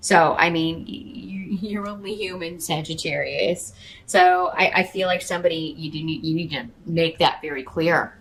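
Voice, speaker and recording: A woman's voice: low-pitched, moderate pace, fairly bright tone, slight background noise, rough recording. Rambling woman giving a tarot reading. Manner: rambling, hesitant, many fillers and restarts; addresses the listener directly as a star sign. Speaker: tarot reader. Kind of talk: casual tarot reading to camera.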